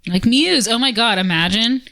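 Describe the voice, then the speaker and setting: A woman's voice: on the high side, lively intonation, moderate pace, pushed and bright. A young adult woman co-hosting a podcast, chatting openly and casually with lots of filler words. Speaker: co-host. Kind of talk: casual chat.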